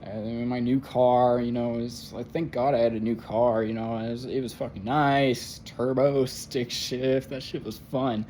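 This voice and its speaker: A young male vlogger rambles through a personal monologue in a mid-range, level, darkish voice, halting over fillers and swearing freely. Now and then his talk rises into strained, pained, higher outbursts. A faint hiss of background noise sits underneath.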